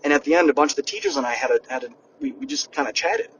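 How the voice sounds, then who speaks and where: A young man hosting a podcast and giving a lively motivational monologue, speaking straight to his listeners. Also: a little high, racing. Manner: energetic, addresses listeners directly. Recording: distant mic with background noise, poor audio.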